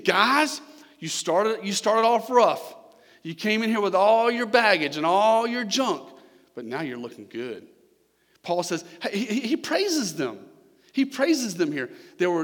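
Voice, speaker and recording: A man preaching a verse-by-verse sermon, conversational, with repeated words and swings from loud emphasis to quiet. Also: mid-range voice. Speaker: pastor. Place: church sanctuary. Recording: long hall reverb.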